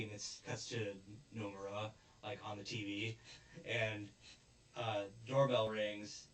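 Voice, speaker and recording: A young man casually recapping an anime episode, rambling with fillers and quick quoted asides. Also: lowish voice, little pitch movement. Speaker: anime reviewer. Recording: roomy echo, distant mic, faint ambience.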